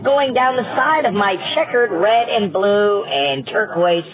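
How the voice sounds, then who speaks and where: A man's voice: high voice, animated, a little slow, a crowd in the background. A man telling a casual, rambling bar story in a slangy, jokey way. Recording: dull recording with noise.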